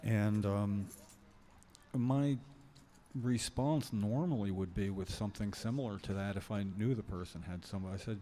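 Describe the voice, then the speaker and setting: A man hosting a podcast, speaking haltingly with many fillers. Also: fairly low pitch, mellow, slight background noise. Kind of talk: podcast conversation.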